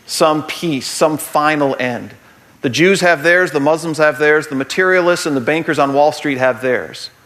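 A Catholic man gives a humorous teaching talk to a group about the Eucharist. An animated storyteller with a slightly high voice, he tosses in jokey asides before building to earnest points.

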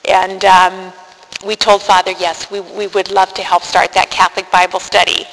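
A woman's voice: mid-range voice, little pitch movement, moderate pace, a bit bright. Earnest woman testifying in a big hall. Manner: earnest and heartfelt, with frequent restarts. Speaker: speaker giving a faith testimony. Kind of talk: personal testimony talk. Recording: reverberant hall with faint noise.

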